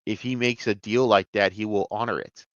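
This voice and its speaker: A man giving an excitable, profane review of a TV episode, jumping between near-shouts and mutters. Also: lowish voice, a little fast, no room sound, dull audio. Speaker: TV show reviewer. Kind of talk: casual video review rant.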